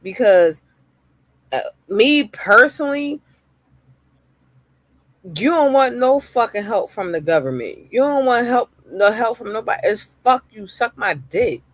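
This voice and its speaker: A woman's voice: a little high, animated, measured pace, long pauses, dry recording. A woman streamer ranting heatedly in live-stream reaction commentary, swearing often and repeating phrases for emphasis.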